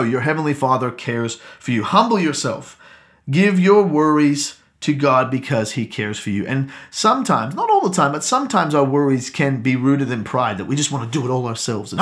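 A man's voice: a little high, a bit bright. A man preaching a sermon as pastor, earnest and exhorting, repeating key phrases for emphasis.

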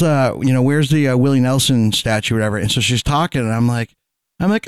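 A man's voice: medium pitch, racing, clean tone, no room sound. A man telling rowdy, profane stories in casual chat among friends. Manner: rowdy, profane storytelling with frequent laughs.

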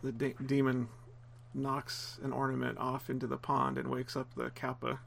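A man's voice: medium pitch, monotone, normal speed, vocal fry, fairly bright tone, a little hiss or hum. A man casually commenting on a film as it plays, explaining scenes and chuckling often. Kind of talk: casual watch-along commentary.

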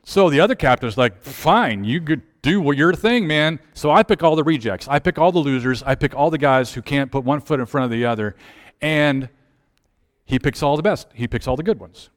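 A man's voice: medium pitch, brisk, long reverb tail. A man pastor telling a personal story in a sermon, acting out the voices of the people in it.

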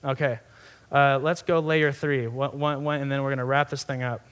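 A man's voice: mid-range voice, steady tone, normal speed, a bit bright, smooth. A young adult man giving a sermon in a conversational, earnest way, often restarting phrases and saying "like". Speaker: pastor.

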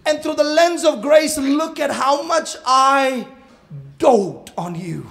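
A man preaching a sermon to his congregation, swinging between shouted fervor and hushed, intense passages. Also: very high-pitched, lively intonation, slow pace, vocal fry. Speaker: pastor.

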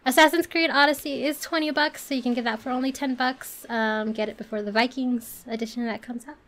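A woman co-hosting a gaming podcast in a loose, chatty way, laughing often. Her voice sits a little high. She rattles through game deals like she's talking with friends. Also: fairly even intonation, a little fast, fairly bright tone. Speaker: podcast co-host. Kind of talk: casual chat.

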